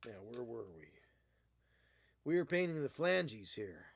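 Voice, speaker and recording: A man's voice: mid-range voice, big pitch swings, measured pace, vocal fry, dry recording. Playful man baby-talking to his cat. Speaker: miniature painting streamer. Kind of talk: casual stream chat.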